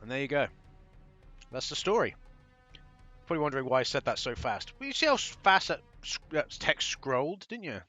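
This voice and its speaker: A man's voice: medium pitch, very animated, fairly quick, pauses often, sharp tone, lo-fi sound, faint music behind. A young man hosting his own gaming channel, chatting casually over a first playthrough, rambling and trailing off as he plays. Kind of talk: casual game commentary.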